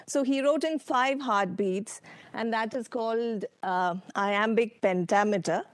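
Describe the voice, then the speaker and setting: A woman with an Indian English accent presenting a lecture with slides, unhurried, with many ums and uhs and questions to the audience. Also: fairly high pitch, no room sound. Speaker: workshop speaker. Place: conference hall.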